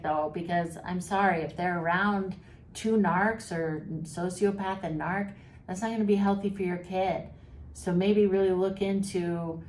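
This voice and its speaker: In a medium-pitched, slightly mellow voice, a woman gives mental health advice direct to camera. She's sympathetic and conversational with a sarcastic, teasing streak, and the audio has a roomy echo and faint background noise.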